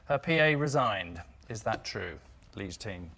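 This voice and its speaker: A man's voice: lowish voice, animated, measured pace, creaky, over a noisy crowd. A man hosting a comedy panel show in a TV studio, with a dry, teasing delivery. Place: TV studio with live audience. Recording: studio with loud audience and noise.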